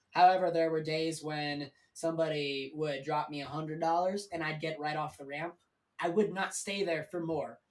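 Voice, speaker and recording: A man's voice: fairly high pitch, recorded from a distance, rough recording. A man speaking as a guest on a live stream, telling his story in a candid, rambling way with plenty of swearing.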